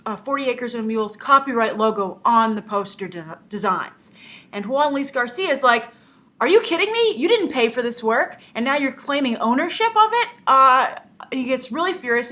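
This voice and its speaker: A woman hosting movie news, telling a story in a lively, chatty way and acting out the people she quotes. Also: a little high. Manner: animated storyteller who acts out quotes. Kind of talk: casual news commentary.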